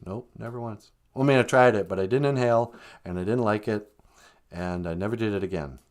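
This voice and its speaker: A podcast co-host with a lowish voice speaks a little fast in casual conversation. He's jokey and keeps breaking into put-on voices.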